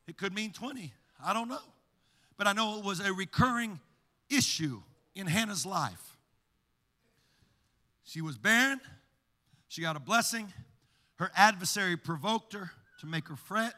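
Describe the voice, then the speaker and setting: A male pastor with a high, bright, ringing voice preaches with hammering repetition, swelling into shouted, sing-song runs. His voice carries a long reverb through a church sanctuary. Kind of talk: sermon.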